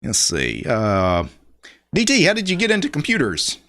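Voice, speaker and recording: A man's voice: a little high, wildly swooping pitch, normal speed, a bit bright. A middle-aged man from Louisiana with a Louisiana accent, hosting a casual live stream, chatting loosely, laughing often and reading viewer comments aloud.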